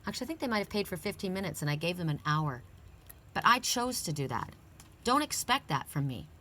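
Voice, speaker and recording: A woman's voice: lowish voice, very animated, a little fast, sharp tone. A woman giving a casual, upbeat oracle card reading, chatting freely and reciting affirmations with emphasis.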